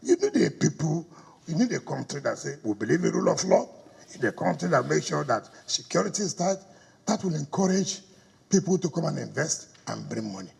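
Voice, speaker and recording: A man's voice: fairly high pitch, big pitch swings, brisk, gravelly, a little mellow, breathy edge. A middle-aged Nigerian man giving a combative campaign speech to party leaders, firing off rhetorical questions and slipping into pidgin. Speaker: politician addressing party stakeholders. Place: government house hall. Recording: echoey hall recording.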